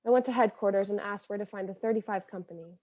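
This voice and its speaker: A woman's voice: mid-range voice, quick pace, dark tone, no echo, muffled recording, natural voice. A woman reading as a lovesick 1918 sweetheart. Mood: heartbroken. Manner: earnest, emotional, imploring. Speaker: reader of historical letters. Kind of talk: dramatic letter reading.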